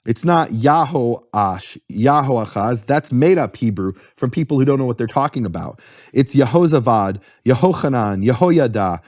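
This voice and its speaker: A man's voice: mid-range voice, animated, normal speed, a little mellow, no room sound, studio quality. A man giving an earnest, step-by-step explanation in a conversation, spelling out terms as he goes. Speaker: guest explaining Hebrew.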